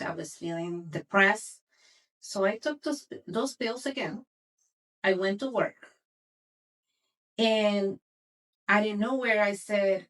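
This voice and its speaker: A woman's voice: medium pitch, fairly bright tone, distant mic, rough recording. A middle-aged woman, a podcast host, earnestly telling a personal story and repeating words for emphasis.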